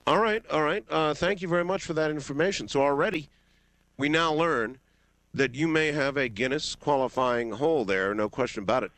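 A man's voice: fairly high pitch, a little fast, fairly bright tone, dry recording. A man hosting a late-night call-in radio show, easygoing and musing, drawing out his questions. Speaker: radio talk show host. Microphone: studio microphone.

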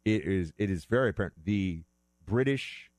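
A man's voice: low-pitched, expressive, moderate pace, darkish tone, no room sound. A man talking casually as a host, rambling and correcting himself as he goes, with the odd chuckle. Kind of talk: casual monologue.

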